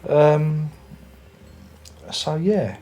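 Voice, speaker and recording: A man's voice: fairly high pitch, expressive, extremely slow, dark tone, soft background music. A man reviewing an album at home, chatting casually with lots of restarts. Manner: rambling, chatty, many restarts. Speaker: music review vlogger. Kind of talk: casual chat. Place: home room with record player and speakers.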